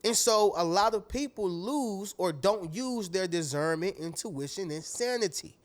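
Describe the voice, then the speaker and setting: A man with a fairly high voice delivers a motivational monologue straight to his audience. He talks in a loose, preachy way and keeps hammering on his points by repeating them. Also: expressive, a little slow. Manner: preachy and conversational, addresses viewers as "y'all" and "family"; repeats key phrases for emphasis. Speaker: motivational speaker.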